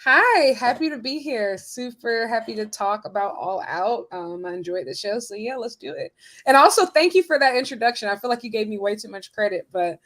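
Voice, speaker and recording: A woman's voice: on the high side, expressive, a little fast, fairly bright tone. A woman in her twenties from South Carolina, chatting as a guest with lots of ums. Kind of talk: casual chat.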